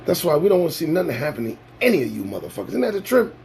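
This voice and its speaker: Animated man with a preachy, profane monologue. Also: rapid-fire, vocal fry, husky. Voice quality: animated, swings from loud bursts to low asides. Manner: preachy, sarcastic, swears freely. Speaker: talk show host.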